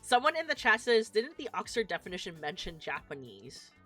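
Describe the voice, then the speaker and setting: A woman's voice: mid-range voice, big pitch swings, a little fast, pushed and bright. A woman guest on a streamed talk show, agreeable and giggly, reading out the chat.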